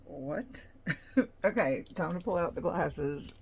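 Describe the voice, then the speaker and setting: Lady vlogger, slow easy talk, kinda low voice, rambly unboxing chat. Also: animated, vocal fry, a little hiss or hum. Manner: chatty, rambling, frank opinions.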